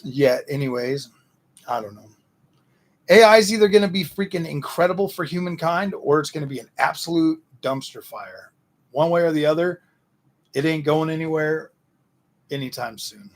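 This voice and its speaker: A man with a raspy, fry-heavy voice pitched a little high hosts a casual livestream. He rants to chat in loose slang and keeps repeating and restarting his sentences. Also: normal speed. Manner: slangy ranting, lots of "dude" and "man". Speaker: livestream host answering chat.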